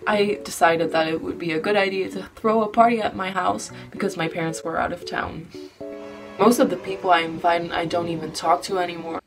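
A woman narrating a confessional storytime and swearing often. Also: fairly low pitch. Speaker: vlogger. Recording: distant mic with background music.

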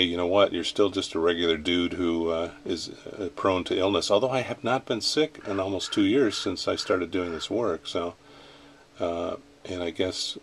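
A middle-aged man with a very deep voice speaks in a stuffy, nasal way, congested from a sinus infection. He rambles casually in a vlog, halting on fillers and stopping to clear his throat. A faint hiss of room noise sits behind him. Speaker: vlogger. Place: ranch, indoors.

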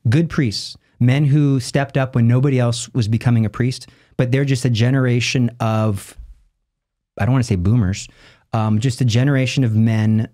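A man, a lay evangelist, telling a story as a podcast guest, acting out the people he quotes with sudden jumps in pitch and rushing through his asides. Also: warm tone. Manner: acts out quoted voices with big jumps in pitch; rushes asides in quick bursts. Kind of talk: animated storytelling in conversation.

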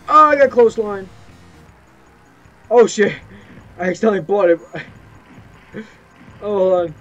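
A young man giving excited gameplay commentary, yelping and swearing as he plays. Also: high-pitched. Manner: excitable, yelps and swears at the game. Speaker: gameplay streamer. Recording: muffled lo-fi mic with game music.

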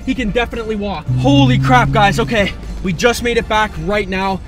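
A young man vlogging in a car, excitable and exclaiming, repeating words. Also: high voice, fairly quick, over music. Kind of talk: excited skit vlog.

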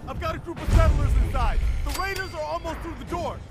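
A man's voice: very high voice, fast. An actor playing a male settler defender who calls down from a balcony for help in a game. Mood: urgent. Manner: urgent, commanding calls for help. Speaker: game character. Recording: distant in-game voice. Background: game music and gunfire.

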